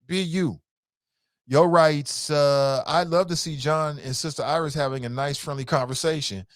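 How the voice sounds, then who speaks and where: A middle-aged man hosting a talk show, reading viewer comments and answering them in an animated, emphatic way. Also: a little high, no room sound, studio quality. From United States. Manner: animated, emphatic, drawn-out repetitions. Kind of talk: casual live-stream talk.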